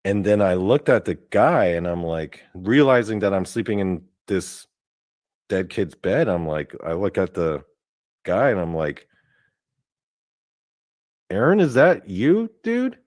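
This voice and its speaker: A young man with a lowish voice tells a long story in loose, casual talk, stacking fillers and the odd curse as he goes. The sound is dry and close, with no room around it. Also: unhurried, darkish tone, dry recording. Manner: rambling, full of "like" fillers and cursing. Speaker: podcast host.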